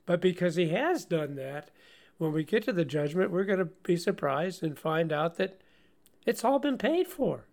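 A man co-hosting a Bible-study radio show, teaching in an animated way with frequent laughs and stumbling restarts. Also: fairly high pitch, normal speed.

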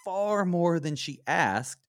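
A man's voice: fairly high pitch, lively intonation, slow, no echo. A male radio Bible study host who reads scripture and then tells stories expressively, laughing often, on a studio mic. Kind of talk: scripture reading and discussion.

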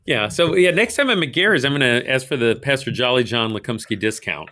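Guy from st louis chatting on a bible podcast, bright lively voice, laughs a lot. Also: mid-range voice, fairly quick. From St. Louis, Missouri. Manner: chatty, laughs often, many restarts. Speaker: podcast co-host. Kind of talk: casual Bible podcast chat.

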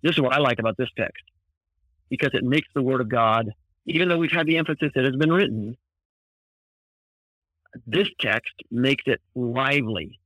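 A man of middle pitch speaks as a guest pastor, teaching scripture with eager, thoughtful enthusiasm. He often restarts his sentences, and the recording is dry and close. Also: normal speed, long pauses, fairly bright tone, dry recording, rough recording. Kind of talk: Bible teaching in conversation.

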